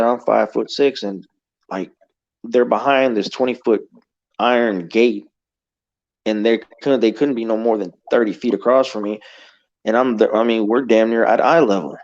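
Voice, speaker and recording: A man with a low, gravelly voice spins a long first-person story, loose and rambling, swearing often and leaning on fillers. The recording sounds dull and lo-fi. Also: a little mellow. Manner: rambling and profane, heavy on "you know" fillers. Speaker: guest telling an encounter story. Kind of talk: casual spoken storytelling.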